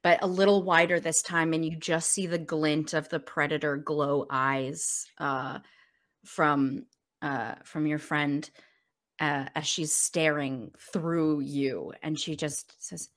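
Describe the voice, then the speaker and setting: A woman's voice: sits low, level tone, slow, a bit bright. A woman playing in a tabletop game, describing a scene with fillers. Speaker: player.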